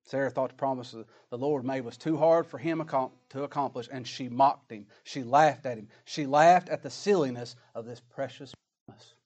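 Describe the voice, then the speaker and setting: A man's voice: mid-range voice, moderate pace, a little mellow. A man preaching a sermon, reading scripture aloud and asking emphatic rhetorical questions.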